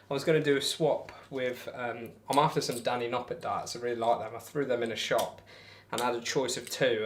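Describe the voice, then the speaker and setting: A young adult man with a mid-range voice livestreams while throwing darts, talking casually and rambling. He jokes at his own expense and reads out and replies to chat, and a little hiss or hum can be heard.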